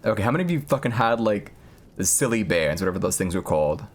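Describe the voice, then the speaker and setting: A man's voice: lowish voice, lively intonation, quick pace. A young man live-streaming, chatting casually with viewers in a rambling, profane way. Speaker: streamer reading horror stories.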